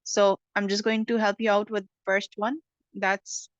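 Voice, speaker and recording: A woman's voice: medium pitch, little pitch movement, normal speed, dry recording, dull audio. A woman teaching an online English class, explaining patiently and checking in with "okay".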